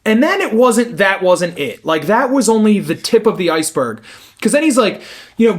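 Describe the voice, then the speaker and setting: A young man co-hosting a podcast, telling a story in casual chat, animated and swearing as he acts out what people said. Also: high voice, normal speed. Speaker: podcast co-host.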